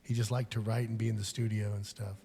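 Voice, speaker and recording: A man's voice: lowish voice, little pitch movement, quick pace, warm tone. A man, a guest musician, chatting casually in a music studio, easygoing and rambling, with fillers and restarts. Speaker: guest musician, guitarist and singer.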